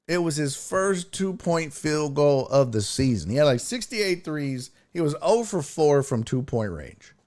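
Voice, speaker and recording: A man hosting a live-streamed sports talk show, chatting loosely with viewers, joking and swearing. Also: medium pitch. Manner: loose, profane, joking banter with chat.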